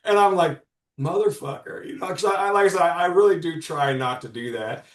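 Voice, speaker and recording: A man's voice: a little high, a little fast, roomy sound. A man in his fifties telling stories in a casual podcast chat, rambling with lots of restarts and the odd curse. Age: 50s. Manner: rambling, frequent restarts and profanity. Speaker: comics publisher guest.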